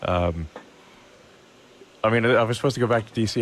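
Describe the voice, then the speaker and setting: A man talking as a podcast guest in a casual interview, halting and full of restarts and fillers. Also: on the low side, fairly even intonation, background noise. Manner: halting, repeats words, many fillers.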